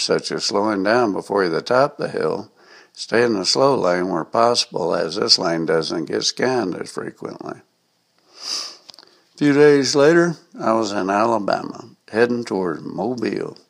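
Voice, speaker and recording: A man with a gravelly voice reading a personal anecdote aloud, in a wry, self-mocking way. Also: lowish voice. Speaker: storyteller.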